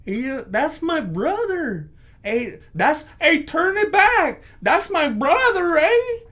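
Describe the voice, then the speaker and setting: A man doing an exaggerated impression of a laid-back grown man, a protective older brother, from a film, in a slow drawl. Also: very high voice, big pitch swings, bright, forceful tone, voice pushed up, heavily acted.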